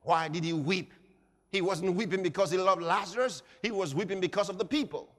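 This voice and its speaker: A male preacher delivering a sermon, dramatic, swinging between hushed passages and shouted ones. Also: high voice, fairly quick. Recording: reverberant hall.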